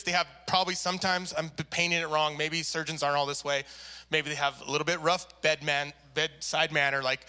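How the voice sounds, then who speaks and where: A man's voice: fairly high pitch, flat delivery, brisk, bright, forceful tone, clear, resonant tone. A man preaching a sermon, telling a story animatedly and acting out the people in it. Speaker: pastor.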